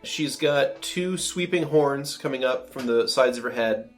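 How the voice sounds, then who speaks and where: A man narrates a tabletop game as its game master, easygoing and chatty, leaning on fillers as he paints each scene. His voice sits at an ordinary middle pitch. Faint background music plays under him. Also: measured pace. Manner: casual, laughing, describing scenes with fillers.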